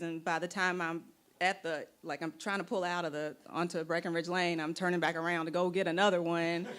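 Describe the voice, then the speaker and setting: A woman, telling a personal story on stage and acting out voices with big jumps in pitch. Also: fairly bright tone. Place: bar stage before a live audience.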